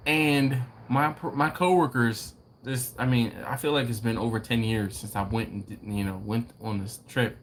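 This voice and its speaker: A man hosting a live barbecue stream, chatting casually with viewers and acting out people in a story in a high mimicking voice. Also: normal speed, hardly any pauses, slight background noise. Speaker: host of a live BBQ show.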